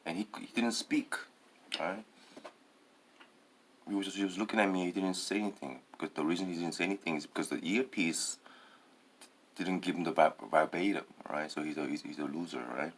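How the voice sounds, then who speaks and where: Man, extremely low voice, hesitant rambling monologue, many fillers and tag questions. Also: steady tone, a little fast, slight background noise.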